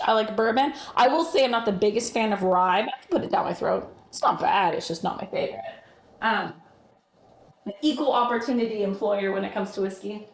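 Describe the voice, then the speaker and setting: A woman hosting a casual livestream, chatting and laughing often while she bakes and reads out viewer comments. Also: mid-range voice. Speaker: livestream host. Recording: roomy echoey room.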